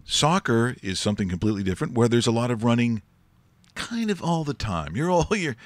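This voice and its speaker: A man hosts a sports talk show from a radio studio, joking and rambling through casual banter with frequent restarts and laughs. His medium-pitched voice is very animated and fairly quick, with no room sound.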